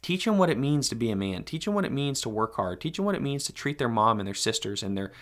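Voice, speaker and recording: A man's voice: mid-range voice, big pitch swings, fast. A man hosting a podcast, giving earnest, direct advice to fathers in a conversational monologue. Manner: earnest, direct, speaks to fathers in second person. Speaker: podcast host.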